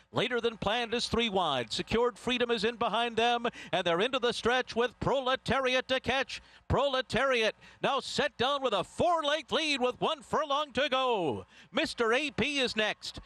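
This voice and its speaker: A man calling a horse race, rapid and rhythmic, building to the finish. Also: extremely high pitch, pushed and bright. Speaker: race caller.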